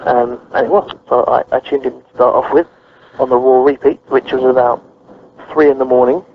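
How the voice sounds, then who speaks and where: A man's voice: medium pitch, steady tone, fairly quick, a little hiss or hum. A man with a British accent chatting casually about wrestling with a dry, joking manner. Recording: dull lo-fi sound.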